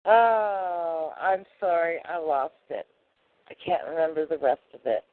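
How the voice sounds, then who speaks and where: A man speaks slowly in a fairly high voice, soft-spoken and apologetic as he chats on a call-in radio show. The sound is dry and thin, like a phone line. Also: no echo. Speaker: regular caller and poet. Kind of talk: casual call-in radio chat.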